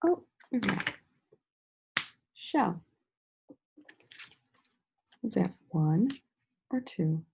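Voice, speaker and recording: A woman teacher giving a slow, sing-song lesson to young children, stretching out words and praising them often. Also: mid-range voice, animated, creaky, dark tone, slight background noise, rough recording. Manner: encouraging, drawn-out words with frequent praise.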